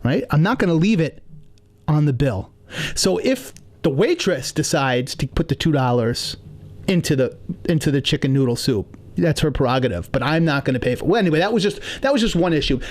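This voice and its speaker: A man from New York telling comic stories in an indignant, animated rant on a podcast. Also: fairly high pitch, a little fast. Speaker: comedian podcast host.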